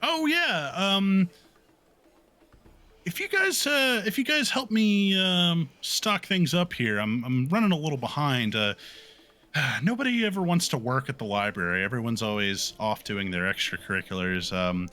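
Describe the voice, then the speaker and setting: Chatty female gnome librarian, high squeaky voice, rambling with fillers, lively lilt, as a male game master puts her on. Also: measured pace. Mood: pleading.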